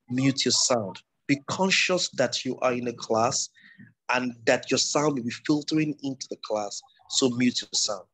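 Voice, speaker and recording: A man's voice: mid-range voice, breathy edge. A man teaching public speaking in an online class, explaining step by step and repeating himself with frequent restarts.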